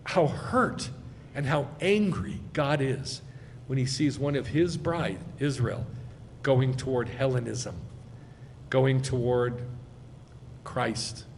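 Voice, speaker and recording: A man giving a sermon as a rabbi, speaking with emphasis and swelling loud on key phrases. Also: mid-range voice, slow, pauses often, long reverb tail, a little hiss or hum. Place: congregation sanctuary.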